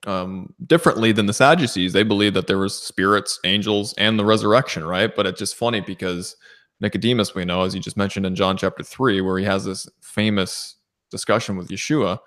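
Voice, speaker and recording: Low-voiced man in eager Bible chat. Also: a little fast, fairly bright tone. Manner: affirming, addresses listeners as brothers and sisters. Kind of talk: casual scripture discussion.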